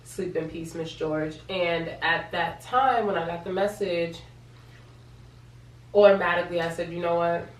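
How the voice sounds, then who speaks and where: Speaking at a slightly slow pace with a fairly low pitch, this young vlogger from New York recounts something personal, her emotion showing as she repeats words to stress them. There's a faint hum, and she sounds distant in a room full of echo.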